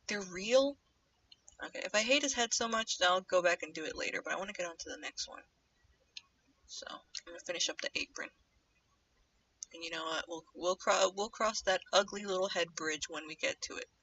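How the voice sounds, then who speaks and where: A young woman with a sharp, tense voice chats in a rambling way on a livestream as she works on an animation. She keeps slipping into low muttering to herself. The sound is dull and lo-fi, with the mic set a little away from her. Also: brisk, far from the mic, a little hiss or hum. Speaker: streamer animating live. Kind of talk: casual livestream chat while drawing.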